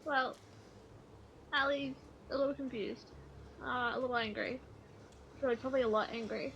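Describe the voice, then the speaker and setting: A woman's voice: high-pitched, fairly even intonation, normal speed, creaky, fairly bright tone, lo-fi sound, slight background noise. A woman playing a tabletop game, thoughtfully describing her character's actions in third person. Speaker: player.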